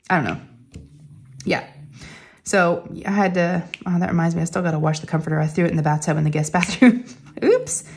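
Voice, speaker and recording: A middle-aged woman chatting casually to viewers from home, telling stories with lots of fillers and giggles. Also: mid-range voice. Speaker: crafting vlogger.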